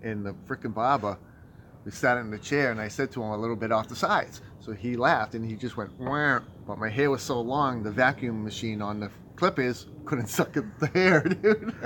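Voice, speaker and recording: A man's voice: medium pitch, moderate pace, a bit bright, a little hiss or hum. A man in his forties co-hosting a casual outdoor livestream, joking around and breaking into laughter. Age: 40s. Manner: loose, joking, bursts of laughter. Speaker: livestream co-host. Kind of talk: casual chat.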